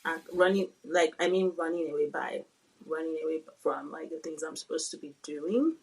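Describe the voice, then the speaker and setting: Young woman podcast co-host, lower-pitched, thoughtful and trailing delivery. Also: normal speed, husky. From Nigeria. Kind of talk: casual chat.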